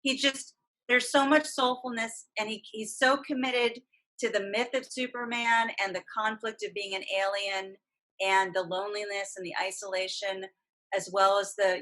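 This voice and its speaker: A woman talking casually on a podcast, full of enthusiasm as she gushes about heroes and casting. Her voice is bright and forward, sitting at a middle pitch for a woman. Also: moderate pace. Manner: enthusiastic, animated fan talk. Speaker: guest voice actress.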